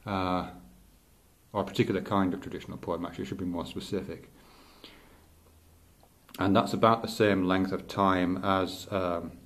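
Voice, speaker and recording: Thoughtful lower-voiced man musing aloud. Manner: thoughtful, halting, with many restarts. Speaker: teacher. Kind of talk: unscripted spoken reflection.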